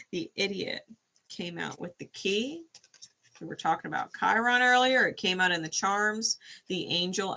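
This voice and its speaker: Brief: woman channel host reading tarot, loose and profane, bright, forceful voice. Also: lowish voice, creaky, a little hiss or hum, rough recording. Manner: blunt, profane, animated. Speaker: tarot reader.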